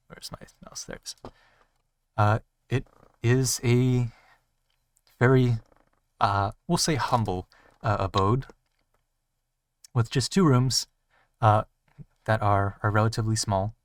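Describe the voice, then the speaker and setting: A man narrating a tabletop role-playing game as game master, pausing often with ums and uhs. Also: lowish voice, no room sound, distant mic. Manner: halting, many ums and uhs.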